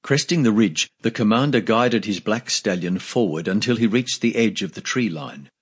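A man narrating a fantasy audiobook in a measured, steady storytelling manner, lightly voicing the dialogue. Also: lowish voice, slightly rough.

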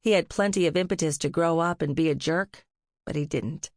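A woman reads a fantasy audiobook aloud, measured and somber. Her voice sits fairly low, and the recording is dry and close with no room sound. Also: a little mellow, no room sound. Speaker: audiobook narrator. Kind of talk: scripted narration.

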